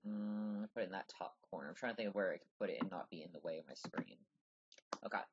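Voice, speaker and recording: A man with a deep voice giving casual, rambling commentary while playing a video game and chatting to the characters. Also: fast talker, muffled recording, noisy background.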